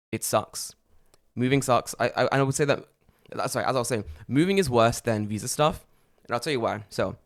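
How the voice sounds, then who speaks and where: A man in his early thirties chatting casually as a podcast co-host, telling stories with lively acted-out phone calls and plenty of swearing. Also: mid-range voice, gravelly. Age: 30s. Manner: animated storyteller acting out phone calls, swears freely. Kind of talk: casual chat. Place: living in Japan.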